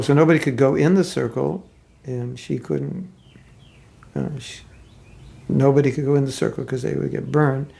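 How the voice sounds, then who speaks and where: A man giving a conversational sermon, retelling a scripture story with halting asides. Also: mid-range voice, steady tone, creaky, mellow. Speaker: spiritual teacher.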